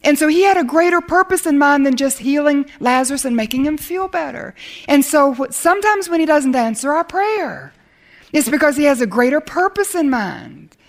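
A woman's voice: high-pitched, sing-song, moderate pace. Earnest woman Bible teacher. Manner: earnest and emphatic, dropping to a hush at times. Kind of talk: sermon.

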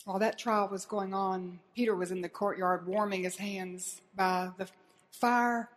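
A woman's voice: mid-range voice, fairly even intonation, a little slow. A woman preaching a sermon in an earnest way, asking her listeners pointed questions and retelling scenes dramatically.

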